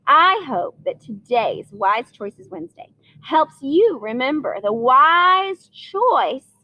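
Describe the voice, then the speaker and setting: A middle-aged woman talks to young children in a gentle lesson. Her voice sits fairly high and swoops up and down in a lively, sing-song way. She eases through the lesson with soft fillers. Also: highs cut off. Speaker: teacher.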